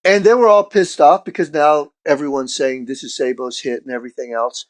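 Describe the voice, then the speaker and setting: A man's voice: fairly high pitch, brisk. Profane man telling stories on a podcast. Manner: profane, animated storytelling, acting out quotes. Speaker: podcast guest, street artist. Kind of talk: casual storytelling chat.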